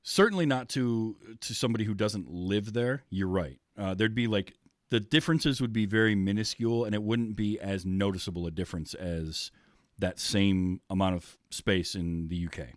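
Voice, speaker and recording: An American man hosts a casual movie podcast in a fairly low voice. The recording is dry and close. He rambles through his thoughts with plenty of ums and restarts. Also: normal speed, dry recording. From United States. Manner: rambling, many ums, laughs easily. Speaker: podcast host. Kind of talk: casual chat.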